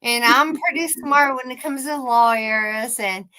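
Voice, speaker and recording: Woman, co-host, high voice, sharp and bright tone, profane heated rant. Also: measured pace. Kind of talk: casual livestream chat.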